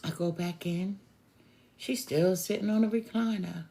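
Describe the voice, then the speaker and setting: Slow, gravelly woman telling a story. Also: lowish voice, mellow. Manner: slow, drawn-out conversational telling with sighs. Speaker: tarot reader. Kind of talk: personal storytelling to viewers.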